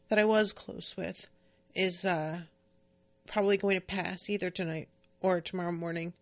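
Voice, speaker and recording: A woman with a fairly low, steady voice hosts a podcast, talking at normal speed in a casual chat about a book. She is candid and emotional, rambling with plenty of fillers.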